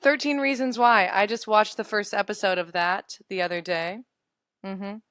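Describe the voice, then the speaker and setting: A young woman in her twenties teaches English in a casual live webinar, chatty and giggly as she responds to viewer comments. Her voice is medium-pitched and fairly bright, with fairly even intonation and a moderate pace, recorded in studio quality with no room sound.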